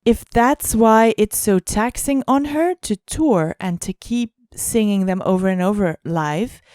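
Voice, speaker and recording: Woman co-host, smooth and dry close sound, casual musing chat. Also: mid-range voice, a little slow, a little mellow, no room sound. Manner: musing, searching for words. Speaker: podcast co-host.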